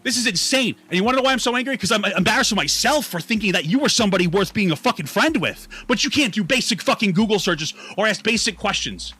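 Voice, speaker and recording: A man's voice: sits high, animated, quick pace, hardly any pauses, pushed and bright, slightly rough. A man streaming, swearing through an angry rant and later talking through an apology. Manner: angry, profane ranting with mocking voices. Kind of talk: livestream rant and apology video.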